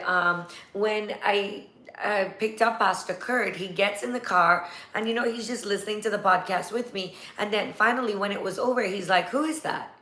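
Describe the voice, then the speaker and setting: A woman with a medium-pitched, bright voice and a forceful tone hosts a casual live-stream chat. She's chatty, rambles at length, and laughs easily, all in an echoey room.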